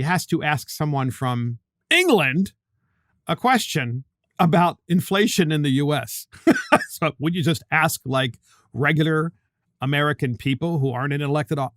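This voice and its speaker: A man hosting a political commentary show, talking in a sarcastic, scornful, animated way. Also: on the high side, moderate pace, dry recording, studio quality. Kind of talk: opinion commentary.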